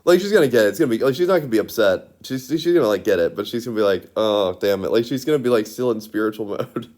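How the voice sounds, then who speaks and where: A man's voice: mid-range voice, very fast, darkish tone. A man talking in a casual rambling monologue. He giggles often and fills his speech with "like". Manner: giggly, rambling, constant filler "like"; rambling, with lots of restarts.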